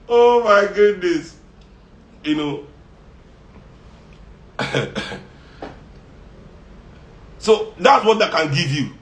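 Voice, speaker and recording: A man's voice: high-pitched, expressive, extremely slow, pauses often. A man with a Nigerian accent giving an impassioned monologue, fiery and laughing often as he slips into pidgin. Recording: roomy echo.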